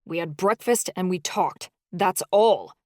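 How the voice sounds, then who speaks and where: A woman voicing an angry, hot-tempered young man who growls and rants loudly in a storybook reading. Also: on the low side, measured pace, no echo, studio quality, close to an everyday voice. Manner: loud, raging rants.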